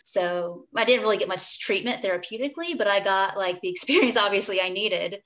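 A woman's voice: medium pitch, brisk, fairly bright tone, rough recording. Earnest woman telling her story. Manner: earnest, candid, many restarts and asides; briefly acts out her past self in quoted speech. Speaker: guest dietitian. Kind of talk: personal storytelling in a podcast interview.

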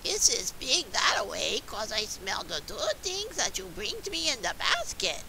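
A woman's voice: a little high, wildly swooping pitch, a little slow, vocal fry, sharp tone, a little hiss or hum, voice pushed up, exaggerated voice, poor audio. A woman voicing a sly old male wolf who poses as a grandmother in a storybook reading, wheedling and sometimes growling.

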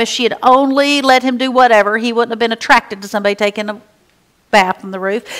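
Woman pastor, conversational preacher, animated and hushed by turns. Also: high voice. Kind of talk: sermon.

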